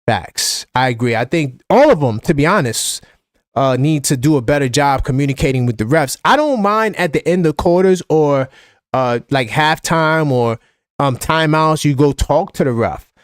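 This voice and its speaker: A man with a New York accent hosting a live-stream basketball chat, animated and opinionated, often repeating himself. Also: on the high side, normal speed, clean tone, no room sound, clean studio sound. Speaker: basketball fan show host.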